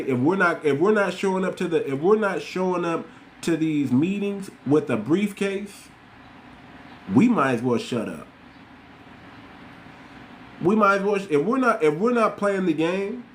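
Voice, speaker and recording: A man's voice: a little high, a little hiss or hum. A man hosting a podcast, giving blunt, repetitive commentary straight to his listeners. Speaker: podcast host. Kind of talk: casual commentary monologue.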